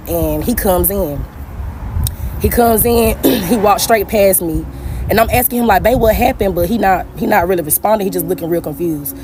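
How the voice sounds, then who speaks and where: A woman's voice: fairly low pitch, slight background noise. Young woman telling her own story, addressing viewers casually. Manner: animated and conversational, often addressing listeners as "y'all", many "like" fillers. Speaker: storyteller sharing a personal story.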